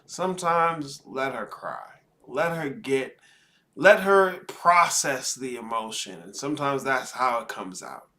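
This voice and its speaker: Slow, deliberate man giving commentary. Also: medium pitch, lively intonation, pushed and bright. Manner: slow, deliberate, sighing pauses. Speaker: host commenting on a podcast clip. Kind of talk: reflective commentary.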